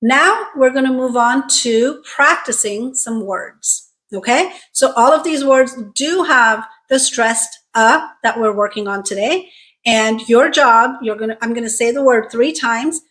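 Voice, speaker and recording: A woman teaching English pronunciation, slowly and clearly modeling sounds and words for learners to repeat. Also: on the high side, a bit bright. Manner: slow, clearly articulated drilling of words. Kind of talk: pronunciation lesson with repeat-after-me drills.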